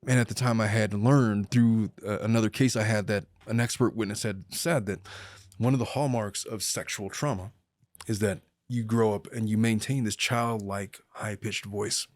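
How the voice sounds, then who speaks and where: This lowish male voice moves at a moderate pace, with no room sound in the recording. The speaker is a middle-aged lawyer and podcast host who jokes around and animatedly spins casual stories drawn from his family life and legal practice.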